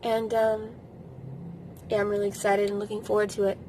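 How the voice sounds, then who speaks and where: A woman's voice: medium pitch, completely flat delivery, fairly quick, background noise. A woman in her thirties giving casual advice to camera in a vlog, blunt, emphatic and freely swearing. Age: 30s. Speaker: vlogger.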